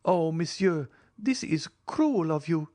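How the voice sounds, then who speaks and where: A male audiobook reader voicing an emotional young woman who pleads eagerly, his voice lifted high. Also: animated, moderate pace, darkish tone, no room sound, studio quality. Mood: distressed. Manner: raised, breathless pleading. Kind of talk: audiobook character reading.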